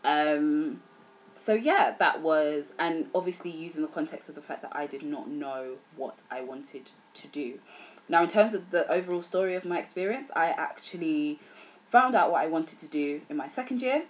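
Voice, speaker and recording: Young woman, low-pitched; sincere, serious talk to camera. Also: normal speed, rough recording. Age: young adult. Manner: earnest, serious, animated retellings with filler words. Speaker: vlogger. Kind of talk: casual chat to camera.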